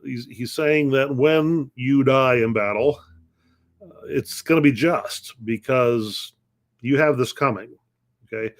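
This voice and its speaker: A middle-aged man pastor teaching a conversational Bible lesson, posing questions and answering them, often restarting phrases. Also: medium pitch. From United States.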